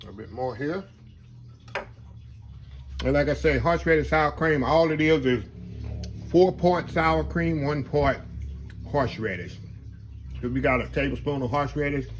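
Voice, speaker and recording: A man's voice: mid-range voice, fairly bright tone. A man hosting his home cooking vlog, chatting folksy and humming as he tastes the food. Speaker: cooking channel host.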